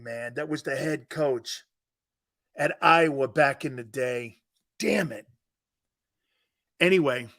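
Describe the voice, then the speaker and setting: A middle-aged man hosting a sports talk show, telling a family story with loud laughs and acted-out quotes. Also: medium pitch. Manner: excitable, laughs loudly, acts out quotes.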